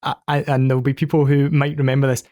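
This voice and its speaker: An opinionated man in casual football chat, speaking at a middle pitch for a man. The sound is dry and close, with no room around it. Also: level tone, fast talker, dark tone, no echo. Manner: opinionated, chatty. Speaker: podcast co-host.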